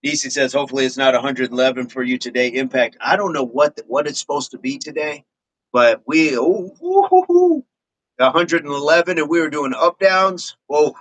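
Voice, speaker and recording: A man's voice: medium pitch, steady tone, brisk, fairly bright tone, rough recording. A man hosting a fitness livestream in casual chat, reading viewer comments in a laid-back, rambling way and chuckling often. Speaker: fitness channel host.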